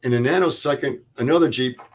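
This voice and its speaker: An older man, a veteran guest in an interview, retelling a night in combat in plain, vivid words with quoted dialogue and pauses. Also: medium pitch. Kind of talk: interview storytelling.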